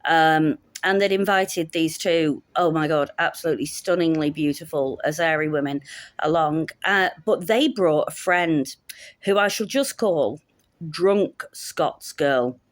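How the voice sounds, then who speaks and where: Wry woman, low voice. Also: measured pace, no echo. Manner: wry, sarcastic storytelling. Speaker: teacher. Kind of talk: casual vlog storytelling.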